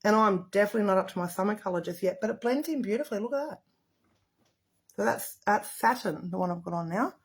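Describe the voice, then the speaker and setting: A woman's voice: mid-range voice, animated, fast, breathy edge. A middle-aged woman, chatting in a rambling, effusive way while hosting a casual makeup livestream to the camera.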